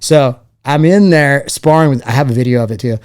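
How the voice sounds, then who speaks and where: A man's voice: medium pitch, brisk, a little mellow. A man, telling stories from his fighting career as an interview guest and acting out the voices of the people he quotes. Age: 40s. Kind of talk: casual storytelling interview.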